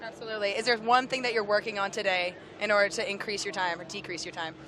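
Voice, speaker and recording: A woman's voice: medium pitch, steady tone, fast talker, a crowd in the background. A woman interviewing drivers at a racetrack during a live event, upbeat and enthusiastic. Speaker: trackside interviewer. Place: outdoors at a racetrack.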